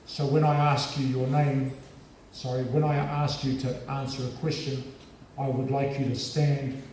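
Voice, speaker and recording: A stern, imperious older woman lecturer, played by a man telling a story, who speaks slowly in a hushed, clipped voice that expects obedience. The voice echoes strongly around a large hall and is picked up from some distance, with faint room noise behind. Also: medium pitch, flat delivery, natural voice. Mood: stern, commanding. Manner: slow, clipped, commanding.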